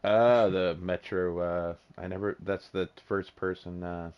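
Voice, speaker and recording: A man chatting casually on a podcast, excitable and laughing a lot. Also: sits low, unhurried, clean tone, muffled recording. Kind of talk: casual chat.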